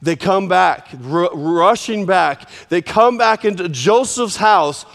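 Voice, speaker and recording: A high-pitched male preacher tells a story with energy, swinging between soft and loud. His voice carries a long reverb, like a large church hall. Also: slow pace, creaky. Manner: animated storytelling with sudden swings in volume. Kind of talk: sermon.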